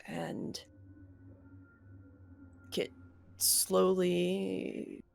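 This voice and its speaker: Gravelly, slow-spoken tabletop player. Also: medium pitch, little pitch movement, soft background music. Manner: hesitant, halting in-character speech. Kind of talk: playing a character in a tabletop game.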